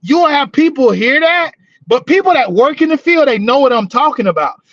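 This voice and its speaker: High-voiced male co-host, rambling and profane, dry dull audio; casual storyteller, prison-work talk. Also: expressive, moderate pace, fairly bright tone, no echo. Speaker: podcast co-host, former corrections officer. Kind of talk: casual chat.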